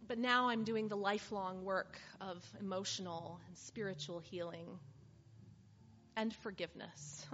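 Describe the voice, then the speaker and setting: A woman playing a weary healed woman, slow and earnest. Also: medium pitch, natural voice. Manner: earnest, heartfelt testimony. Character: weary woman made whole after years of suffering. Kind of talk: first-person dramatic monologue. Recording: slightly muffled with faint hiss.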